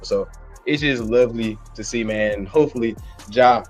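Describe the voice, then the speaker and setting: A man's voice: medium pitch, normal speed, faint music behind. A man, co-hosting a casual sports podcast in a playful, rambling way. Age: early 20s. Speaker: podcast co-host. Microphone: home mic, remote call.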